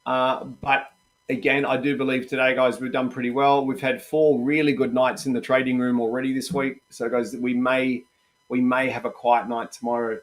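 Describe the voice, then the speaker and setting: A middle-aged man with an Australian accent leads a live trading-room stream in a relaxed, chatty way. He keeps encouraging his viewers and calls them mate and guys. His voice sits at an average pitch for a man. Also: moderate pace.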